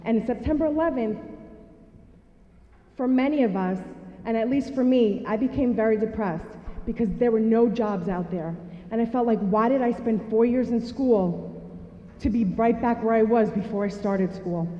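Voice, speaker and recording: A woman giving a personal testimony to an audience. She tells it as an animated storyteller and acts out the dialogue. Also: a little high, normal speed. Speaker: speaker sharing a personal story. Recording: echoey hall, dull sound.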